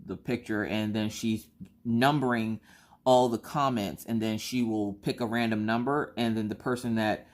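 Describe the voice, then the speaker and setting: A woman in her thirties chatting casually while crafting, telling stories and squealing high when she acts out her own quotes. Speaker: crafting vlogger.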